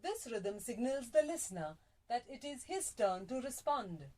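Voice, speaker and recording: A woman reading a language lesson aloud in a deliberate, sing-song way, recorded in a small radio prerecording room. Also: on the high side, very animated, dark tone. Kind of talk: slow, carefully read-aloud lesson on punctuation and intonation. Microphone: phone test broadcast.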